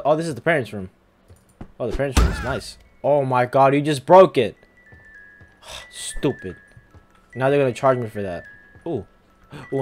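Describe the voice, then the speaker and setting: A young man giving casual game commentary, teasing and talking back to the characters on screen. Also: mid-range voice. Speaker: gamer.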